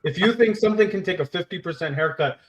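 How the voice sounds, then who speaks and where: A man's voice: high-pitched, animated, fast talker, lo-fi sound. A man on a casual market show pushing back bluntly and combatively, swearing as he argues.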